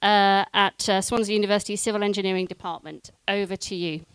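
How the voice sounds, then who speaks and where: A woman hosts a conference, introducing speakers in a friendly, chatty way. Her voice is smooth and resonant. The recording is dry, with little room sound. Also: mid-range voice, fairly even intonation, fast, fairly bright tone, dry recording, poor audio. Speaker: event host.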